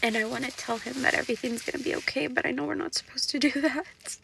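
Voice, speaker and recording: A woman records herself on camera, reading scripture and then talking it through in an earnest, heartfelt manner. Her voice is fairly high and bright, with a gravelly, husky edge. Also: steady tone, fast talker, a little hiss or hum. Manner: earnest, heartfelt, openly emotional. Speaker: vlogger reading and reflecting on scripture. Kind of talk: scripture reading with personal commentary. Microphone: self-recorded on camera.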